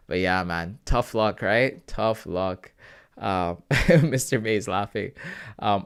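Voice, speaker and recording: A man from Canada hosting a casual live stream. He chats with his viewers in a relaxed, friendly way about his trading, often calling them bro and man. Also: lowish voice, smooth. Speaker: livestream host sharing trading analysis.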